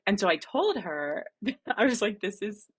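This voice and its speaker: A young woman from New Jersey, a guest running coach, talking in a casual podcast conversation in an earnest, animated way and laughing often. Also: medium pitch, measured pace, husky.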